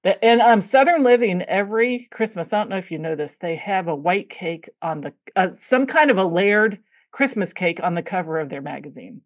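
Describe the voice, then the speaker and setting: In a clean, echo-free studio recording, a female podcast host with a medium-pitched, expressive voice talks at normal speed. Her interview chat is casual and chatty, built around storytelling and plenty of fillers.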